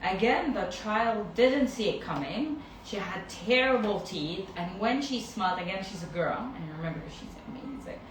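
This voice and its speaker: Animated woman dentist in an echoey room. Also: medium pitch, moderate pace, hardly any pauses, noisy background. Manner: animated, laughs often, acts out children's reactions. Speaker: pediatric dentist. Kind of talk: casual chat. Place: dental clinic. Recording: echoey room, far from the mic.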